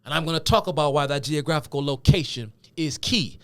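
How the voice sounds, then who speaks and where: A man with a high voice delivers lecture-style commentary on politics. He talks emphatically and conversationally and drops casual slang as he explains things to his viewers. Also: brisk, fairly bright tone.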